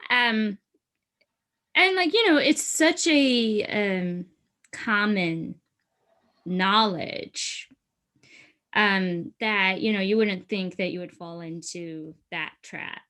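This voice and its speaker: A woman's voice: mid-range voice, sharp tone. A young woman in casual conversation, speaking with lots of hesitation and filler words. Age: young adult. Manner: slow, hesitant, many fillers. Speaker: co-host. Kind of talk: casual chat.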